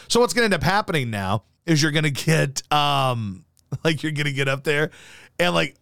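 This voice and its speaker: A man's voice: a little high, animated, moderate pace, creaky, a bit bright, smooth, no room sound, clean studio sound. A man hosting a talk show, telling rambling, profane stories in casual chat. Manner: profane, rambling storytelling full of fillers. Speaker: show host.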